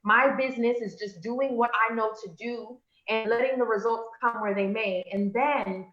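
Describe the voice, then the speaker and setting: Woman doing a motivational pep talk on a call, kinda high sharp voice, echoey and a bit muffled. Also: normal speed. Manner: earnest and encouraging, addresses listeners as friend; swings from loud emphatic bursts to low confiding tones. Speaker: motivational speaker, business coach. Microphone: call audio.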